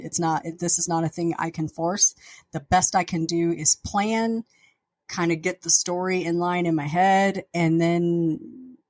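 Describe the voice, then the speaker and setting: A woman's voice: on the low side, dry recording. A woman podcast host and author, talking in a rambling, casual way with many fillers and restarts.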